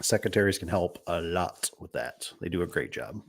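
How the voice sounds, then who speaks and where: A middle-aged man with a lowish voice tells stories about his garage door business in a loose, casual way. He rambles, backs up to restart his sentences, and drops quick impressions of the people he talks about. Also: animated, vocal fry, husky. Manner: rambling, with many restarts and acted-out quotes. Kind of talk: casual storytelling.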